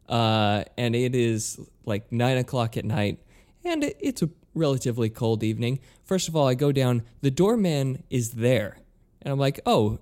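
A man in casual conversation, animatedly telling an exasperated story with lots of swearing and acted-out dialogue. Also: medium pitch. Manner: animated, exasperated, swears a lot, acts out both sides of calls.

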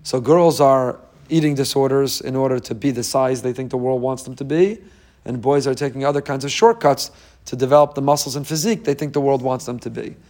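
A man's voice: mid-range voice, brisk, darkish tone. A middle-aged man, a religious teacher, preaching an earnest sermon that piles up repeated, emphatic phrases. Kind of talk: inspirational sermon.

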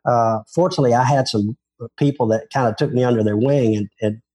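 An older man from Memphis, Tennessee, a former touring golf pro, tells rambling, self-deprecating stories about his golf career in a casual interview. He has a Southern accent and a mellow, mid-range voice with fairly even intonation, and he speaks fairly quickly.

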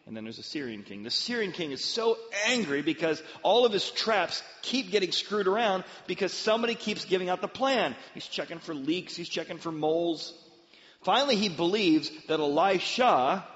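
Animated male preacher in a hall. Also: fairly high pitch. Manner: animated, dramatic storyteller. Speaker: pastor. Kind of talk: sermon storytelling. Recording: dull, long-reverb hall sound.

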